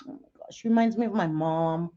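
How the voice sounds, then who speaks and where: Her voice is lowish, warm, and a little fast as she hosts a casual home livestream. The middle-aged woman keeps things chatty, laughs frequently, and calls out viewers by name over dull lo-fi audio.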